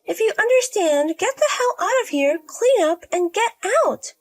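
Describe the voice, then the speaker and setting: A woman voicing a bossy, spiteful pregnant young sister-in-law who yells insults in a storybook. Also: very high voice, lively intonation, moderate pace. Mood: scornful. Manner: scornful, yelling insults.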